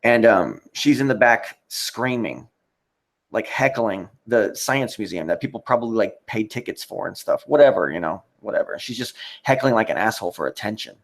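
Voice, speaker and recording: A man with a low, gravelly voice, talking off the cuff on a livestream. He rambles and swears often, stopping now and then to read out viewer comments. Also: expressive, normal speed. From United States. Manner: rambling, profane, reads chat comments. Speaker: livestream host.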